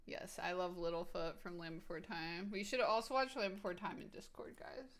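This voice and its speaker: A woman with a fairly low, steady voice at normal speed streams casually, responding to viewers' comments. She rambles enthusiastically, laughs easily, and fills her speech with "like" and "um."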